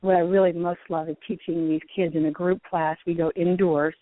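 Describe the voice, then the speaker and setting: A woman's voice: fairly low pitch, a little fast, no room sound. A middle-aged woman, once a tour golfer and now a teacher, talks over a tinny, dry phone line. She tells her stories with lots of energy and breaks into laughter often. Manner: lively, laughing while telling stories. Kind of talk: phone interview storytelling. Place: outdoors at a driving range.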